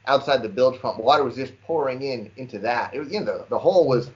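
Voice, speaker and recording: A young man casually telling a lively fishing story to friends on a podcast and calling them "dude" a lot. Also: medium pitch, quick pace. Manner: animated storyteller, says "dude" often. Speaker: podcast co-host. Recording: slightly dull lo-fi sound.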